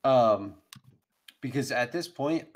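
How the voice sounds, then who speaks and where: A man playing a tabletop game, talking hesitantly with halting restarts. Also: medium pitch, lively intonation. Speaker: player.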